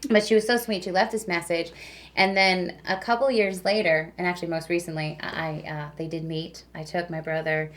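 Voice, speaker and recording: A woman's voice: lowish voice, steady tone, moderate pace. A woman who works as a radio DJ, a guest telling stories in a chatty way, full of fillers. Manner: chatty, full of "like" and "you know". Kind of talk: casual storytelling.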